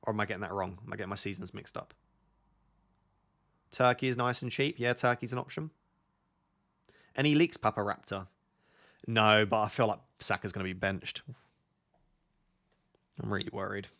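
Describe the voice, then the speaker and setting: A man's voice: lowish voice, normal speed, vocal fry, long pauses, a bit bright. A young British man hosting a casual live stream, chatting and reading out questions from his viewers. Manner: chatty, reads chat questions aloud. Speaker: streamer host.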